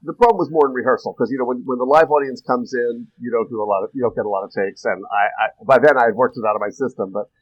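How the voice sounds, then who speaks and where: A man's voice: mid-range voice, quick pace, hardly any pauses, highs cut off. Chuckling man telling actor anecdotes. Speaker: guest actor. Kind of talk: casual podcast chat.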